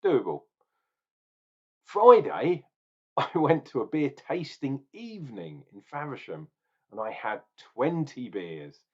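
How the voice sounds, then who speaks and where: A man's voice: mid-range voice, sing-song, takes it slowly, a little mellow, slightly rough. Male beer vlogger, rambling asides, muffled lo-fi recording. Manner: rambling, chatty, self-correcting asides. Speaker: beer reviewer. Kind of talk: casual beer review vlog. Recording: dull lo-fi recording.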